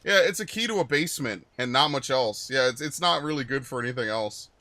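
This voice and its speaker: A man talking through a video game stream in a loose, rambling way, with a bright, forceful voice. He drifts between the game and side topics and swears often. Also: medium pitch, lively intonation, a little fast, dry recording. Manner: rambling, profane, chatty asides. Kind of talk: casual gameplay commentary.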